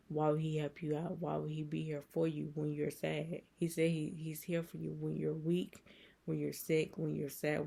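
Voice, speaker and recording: A woman's voice: low-pitched, vocal fry, mellow. A woman creator giving a casual, earnest devotional talk, rambling and repeating herself as she encourages her viewers. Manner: rambling and repetitive, circling back on her points; earnest and emotional. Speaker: faith content creator.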